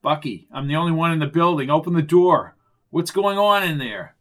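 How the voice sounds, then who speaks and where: A man's voice: a little high, lively intonation, normal speed, fairly bright tone. A man voicing a determined amateur sleuth who talks urgently and insistently.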